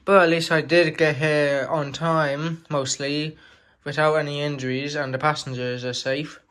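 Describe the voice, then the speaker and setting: A man's voice: on the high side, flat delivery, moderate pace, fairly bright tone, natural voice. A man voicing a polite, apologetic male steam engine. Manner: apologetic, explaining.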